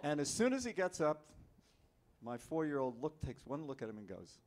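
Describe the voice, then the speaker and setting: A man telling a lively anecdote as an actor on a convention panel, speaking into a handheld mic. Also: fairly high pitch, moderate pace, a little hiss or hum. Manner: lively, animated storyteller. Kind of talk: storytelling anecdote. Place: convention hall.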